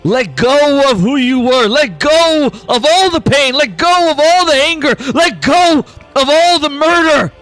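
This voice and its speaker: A man's voice: medium pitch, takes it slowly, long pauses, faint music behind. A man voicing a centuries-old male mentor who loved his student like a daughter, pleading and stern in broken phrases. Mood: anguished pleading.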